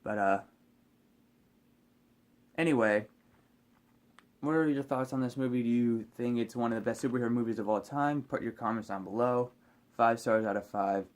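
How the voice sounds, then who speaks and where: Man, casual movie review vlog, rambling, hesitant, lots of fillers, medium pitch. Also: moderate pace, long pauses.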